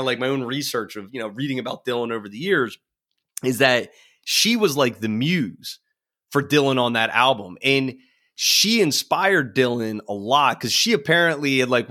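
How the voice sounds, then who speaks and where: Bright, animated man talking music. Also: mid-range voice. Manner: animated, rambling, lots of "like" and laughter. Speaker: podcast guest. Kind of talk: casual music podcast chat.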